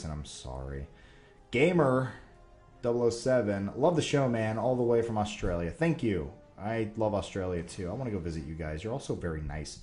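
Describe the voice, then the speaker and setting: Deep-voiced man chatting in a roomy space. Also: expressive, brisk, darkish tone, faint music behind. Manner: rambling and enthusiastic, many fillers. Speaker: Q&A show host. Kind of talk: casual chat answering viewer questions. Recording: roomy echo.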